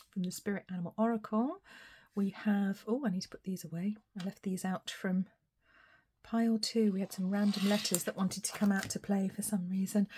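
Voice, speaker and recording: A woman giving a casual tarot reading, her voice a little hoarse from a recent cold, chatty and often laughing. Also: mid-range voice, slight background noise. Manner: chatty, laughs often, some soft whispery asides. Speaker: tarot reader.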